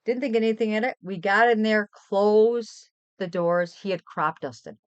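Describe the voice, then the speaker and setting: A woman's voice: medium pitch, a little slow, clear, resonant tone, dry recording. An older woman streamer telling chatty, rambling stories in a casual live stream. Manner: chatty, rambling, animated storytelling. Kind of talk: casual chat. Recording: dry, dull lo-fi stream audio.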